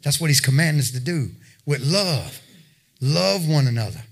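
A man's voice: on the high side, sing-song, moderate pace, creaky, slightly rough. A man preaching a sermon, talking plainly with his listeners and building to emphatic exhortation. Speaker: pastor.

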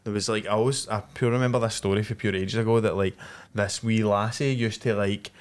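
A man's voice: on the low side, steady tone, fairly quick, smooth. A young Scottish man in casual podcast chat, rambling with lots of slang and fillers.

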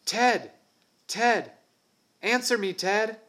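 A man's voice: on the high side, lively intonation, normal speed, voice pushed up. A man reading aloud voices a frightened boy who takes charge and calls out urgently for his lost friends. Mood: panicked shouting. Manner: urgent, shouting.

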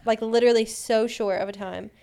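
A woman co-hosting a podcast, telling a story in a casual, animated way, with lots of "like". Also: on the high side, gravelly, clear, resonant tone. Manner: animated, fast anecdotes full of "like". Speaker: podcast co-host.

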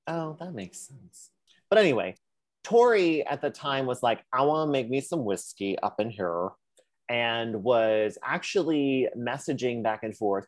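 A man co-hosting a casual podcast, talking in an animated and loose way, with cursing and playful sassy voices when he quotes people. His voice sits at a middle pitch, and the close mic gives a dry sound with no room echo. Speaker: podcast co-host.

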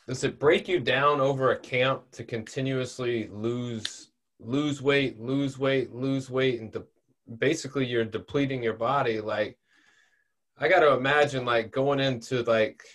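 A man's voice: mid-range voice, fairly even intonation, measured pace, a bit bright. A man interviewing a fighter, asking long, rambling questions with repeated words.

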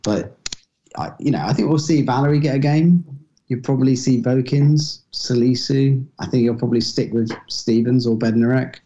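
A man's voice: medium pitch, normal speed, warm tone, slight background noise. A young man co-hosting a casual podcast, hesitant and self-deprecating, speaking over a video call. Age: young adult. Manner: hesitant, many fillers and restarts, self-deprecating. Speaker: podcast co-host. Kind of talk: casual chat. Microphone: laptop video call. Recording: dull lo-fi call audio.

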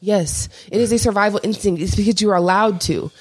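A woman's voice: medium pitch, fairly quick, breathy edge. Emphatic young woman arguing on a podcast. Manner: emphatic, argumentative, punchy declarations. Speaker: podcast co-host. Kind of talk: heated podcast debate.

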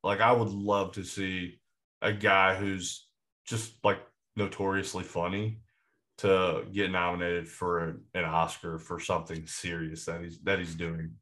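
A man co-hosting a movie podcast in casual chat, excitable and rambling with frequent restarts. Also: low-pitched, a little slow. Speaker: podcast co-host.

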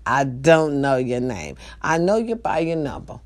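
An older woman, telling a comic story in an animated, profane way with loud bursts. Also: rumbling low, unhurried.

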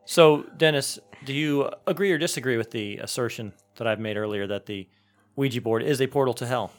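A man's voice: medium pitch, a little fast. Rambling middle-aged man on a podcast. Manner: rambling, restarts often. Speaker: podcast co-host. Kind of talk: casual podcast chat.

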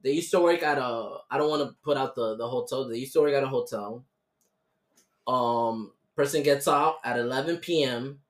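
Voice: medium pitch, normal speed. A podcast host in loose, casual chat, reading out stories that listeners sent in and saying "like" a lot. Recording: roomy echo.

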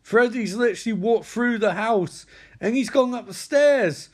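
Man, high voice, excitable, swearing, casual film recap. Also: unhurried. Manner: excitable and profane, frequent exclamations.

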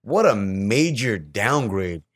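A man's voice: lowish voice, big pitch swings, slow. A young man co-hosting a casual podcast chat, rambling and profane, often restarting his sentences. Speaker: podcast co-host.

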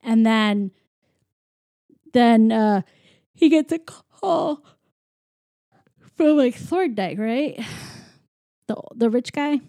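Casting note: a woman podcast co-host, fairly high voice, rambling casual plot recap, dry close sound. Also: expressive, extremely slow, pauses often, mellow, no room sound. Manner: rambling, many fillers, laughs often. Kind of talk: casual chat recapping a movie.

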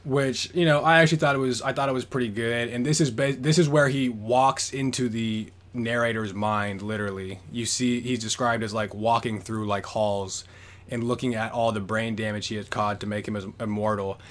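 A man's voice: medium pitch, fairly even intonation, normal speed. A man hosting a podcast, talking through a story in a casual, rambling way, full of "like" fillers. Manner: rambling, heavy use of "like" fillers. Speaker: podcast host. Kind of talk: casual book discussion.

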